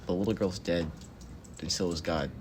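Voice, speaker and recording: A young man, a guest in a casual chat, telling a dark joke deadpan and giving soft, short replies. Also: deep voice, moderate pace, a little hiss or hum.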